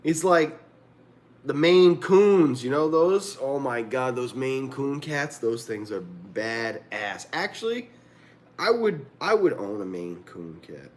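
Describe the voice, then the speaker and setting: A man's voice: mid-range voice, expressive, takes it slowly. Rambling, laughing livestream host man. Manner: rambling, profane, laughs often. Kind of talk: casual chat. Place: home room.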